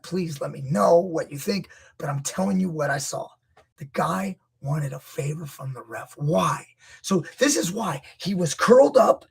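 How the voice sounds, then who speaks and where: A man coaching grappling, breaking down a wrestling match with emphatic, opinionated commentary that rises to near-shouts when he gets indignant. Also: on the high side, gravelly, husky. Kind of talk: video commentary.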